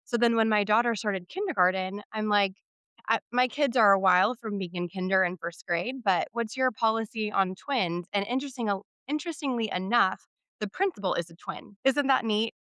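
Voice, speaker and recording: A woman's voice: mid-range voice, a little fast, fairly bright tone, clean tone, dry recording. A woman hosting a parenting podcast, speaking in a thoughtful, conversational way. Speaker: podcast host, twin mom. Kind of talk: casual interview chat.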